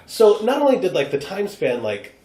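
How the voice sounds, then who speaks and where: A man's voice: high-pitched, moderate pace. An American man, a guest improv performer, chatting casually on a podcast and acting out quoted voices as he tells stories. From United States. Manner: animated, acts out quoted voices. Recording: roomy echo.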